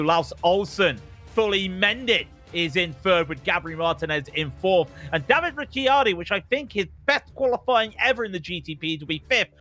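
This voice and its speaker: Male race commentator, higher voice, bright tone, faint music behind, energetic grid call. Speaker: lead commentator. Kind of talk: sim racing commentary.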